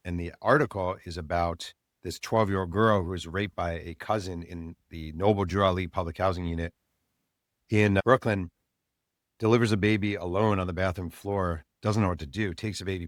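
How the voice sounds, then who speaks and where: A man, an author guest on an interview show, telling a story in animated fashion and acting out the people he quotes. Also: low-pitched, dry recording, studio quality.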